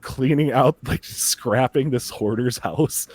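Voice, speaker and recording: A man co-hosting a podcast, rambling excitedly in casual chat and laughing often as he talks. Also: medium pitch, takes it slowly, breathy edge. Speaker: podcast co-host.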